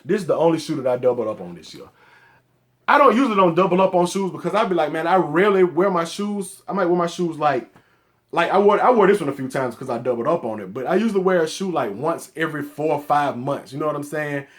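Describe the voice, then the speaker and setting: A man from Atlanta with a Southern accent, casually counting down his favorite sneakers in a relaxed vlog and tagging "man" onto his lines with excited bursts. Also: a little high, fast talker. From Atlanta, Georgia. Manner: laid-back, peppers sentences with "man", excited bursts. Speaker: sneaker vlogger.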